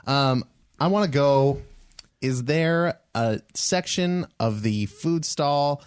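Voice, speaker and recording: A man's voice: medium pitch, takes it slowly, smooth, no room sound, clean studio sound. A man playing a tabletop game, careful and asking lots of questions about the rules. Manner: careful, asks many rule questions. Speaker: player. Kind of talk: casual tabletop game chat.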